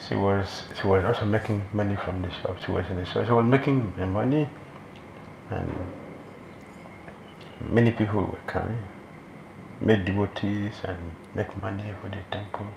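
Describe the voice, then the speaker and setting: In a temple hall, a man serving as a spiritual teacher delivers a sermon at a moderate pace with a lowish, creaky voice. He speaks emphatically, repeating key phrases for weight. Background noise and roomy hall echo fill the recording.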